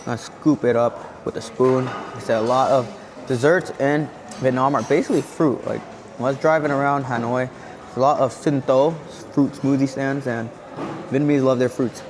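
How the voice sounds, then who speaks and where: A man's voice: mid-range voice, fairly even intonation, moderate pace. Chatty food vlogger man, busy restaurant noise. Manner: chatty, savoring each bite with contented hums. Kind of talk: casual food review vlog. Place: indoor hotel buffet restaurant. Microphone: camera-mounted shotgun mic.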